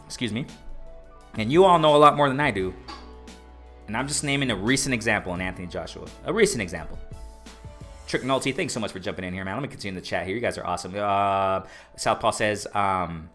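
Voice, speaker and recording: A man hosting a casual boxing livestream, reading chat aloud and repeating himself with excitement. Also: on the low side, fast talker, faint music behind. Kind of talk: casual live-stream commentary.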